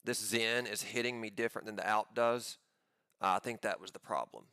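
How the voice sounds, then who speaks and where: A man giving live commentary on his own trades, pumped up and talking in quick excited bursts. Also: lowish voice, clean tone, no echo, studio quality. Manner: hyped, pumped-up chatter with sudden bursts.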